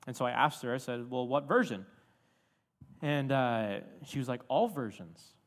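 A young man telling a story in a casual, animated sermon, full of fillers and asides. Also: mid-range voice, normal speed. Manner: animated, chatty with many fillers. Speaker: preacher. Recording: reverberant hall.

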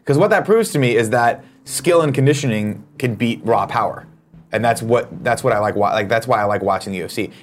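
A man reads viewer comments aloud on a casual talk show, his delivery loose, profane and full of teasing. His voice sits at an ordinary pitch, and he jokes around with the people beside him. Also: brisk, a little hiss or hum. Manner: profane, joking banter. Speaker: co-host reading chat comments. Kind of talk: casual chat.

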